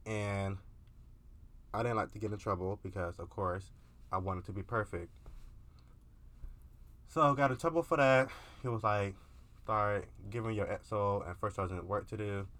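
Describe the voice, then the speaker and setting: A man's voice: lowish voice, normal speed, long pauses, fairly bright tone. A young man vlogging in a candid, casual confessional monologue, profane and peppered with filler words.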